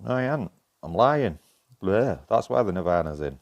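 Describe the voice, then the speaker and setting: A man's voice: on the low side, sing-song, normal speed, vocal fry, muffled recording. A man with a broad Yorkshire accent chatting casually with viewers while streaming a game, swearing freely and bantering. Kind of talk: casual live-stream chat.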